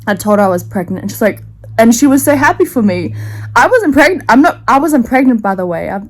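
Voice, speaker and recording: A woman's voice: fairly high pitch, very animated, brisk. Giggly rambling young woman vlogger. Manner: laughing, rambling confessional, slangy. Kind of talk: casual storytelling to camera.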